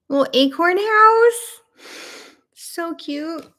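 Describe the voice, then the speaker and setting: A young woman hosting a live tarot flip-through, chatting warmly with viewers and gushing over each card. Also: mid-range voice, expressive, a little slow, creaky. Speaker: tarot channel host.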